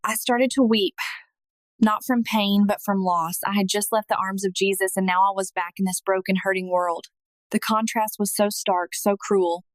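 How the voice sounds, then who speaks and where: Woman, 30s, mid-pitched, dry close recording; earnest scripted testimony narration. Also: no echo, rough recording. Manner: earnest, heartfelt storytelling.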